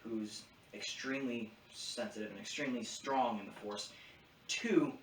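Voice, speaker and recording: A man co-hosting a relaxed podcast, recapping a show as if talking to friends. His voice sits in the middle range. The sound is roomy and distant, with faint background hum. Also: mid-range voice, normal speed. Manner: retells plot casually, slipping into quoted voices. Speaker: podcast co-host. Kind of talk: casual recap chat. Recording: echoey room, distant mic, faint hum.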